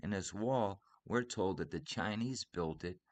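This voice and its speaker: A man's voice: deep voice, measured pace, no room sound. A man from Michigan hosting a casual livestream chat, rambling earnestly and teasing his co-host. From Michigan, USA.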